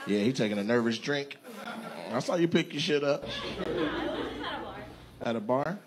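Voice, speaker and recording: A male stand-up comedian doing crowd work, loud and teasing, with sudden shouted outbursts. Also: medium pitch, expressive, moderate pace, background noise. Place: comedy club stage. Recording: live club recording with crowd laughter. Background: audience laughing.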